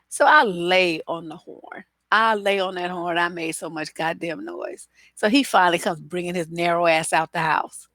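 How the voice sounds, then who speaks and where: A woman relationship coach talking to her viewers in a casual live broadcast, blunt, animated and freely profane. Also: medium pitch, no room sound.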